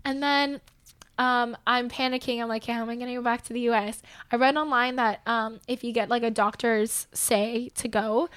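A young woman with a fairly high voice recounts a personal story in a casual, chatty way. She is animated and often rises to loud, emotional stretches as she relives the tense moments. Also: normal speed, smooth.

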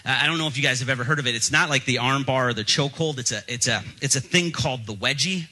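Man, young pastor, sermon, very bright tone, joking self-deprecating storyteller. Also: mid-range voice, fast, poor audio.

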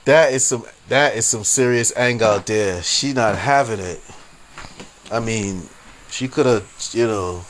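A man hosting a casual solo podcast, rambling and laughing often, full of slang and profanity. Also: medium pitch. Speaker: podcast host. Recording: faint background noise.

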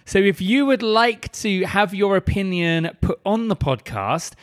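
A man's voice: high voice, expressive, unhurried. Chatty young-sounding podcast host man. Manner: chatty, laughs easily. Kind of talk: casual book club chat.

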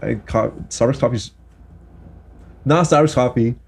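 A man's voice: mid-range voice, unhurried, creaky, darkish tone, breathy edge. A man co-hosting a casual podcast chat, telling stories and swearing casually. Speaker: podcast co-host.

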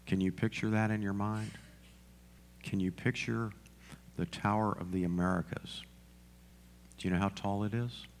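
A man's voice: on the low side, fairly even intonation, moderate pace, long pauses, slight background noise. A male pastor preaching a sermon, asking the congregation questions and repeating lines for emphasis.

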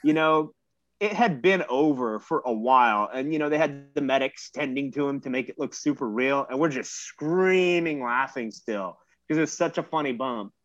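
A man's voice: mid-range voice, normal speed, a bit bright, no room sound. A man in his thirties telling a rambling, self-mocking story in casual chat and swearing freely. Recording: dull lo-fi dry recording.

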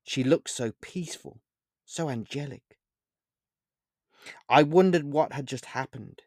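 A man reading his own short story aloud in the first person, in a measured, earnest storytelling manner. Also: mid-range voice, a little mellow, dry recording, clean studio sound.

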